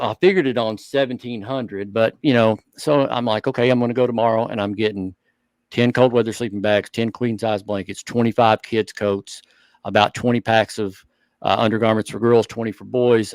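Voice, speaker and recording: A man co-hosting a hobby talk show, speaking earnestly and thinking out loud in casual chat. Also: fairly low pitch, fairly even intonation, brisk, dry recording. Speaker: show co-host.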